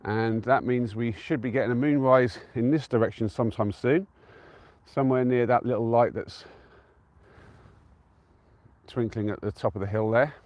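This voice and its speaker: Guy from england rambling on a hilltop live stream, chill and chatty, reading out the chat as he goes, middle pitch. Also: moderate pace, darkish tone, no room sound. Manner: chatty and easygoing, answers viewer comments aloud. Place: outdoors on a windy-free open hilltop at a trig point.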